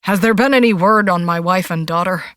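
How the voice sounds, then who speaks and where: A woman's voice: fairly low pitch, a little fast, dry recording, studio quality, close to an everyday voice. Woman voicing a desperate, defensive husband. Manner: loud, raised, strained pleading. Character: distraught middle-aged husband, defensive and desperate.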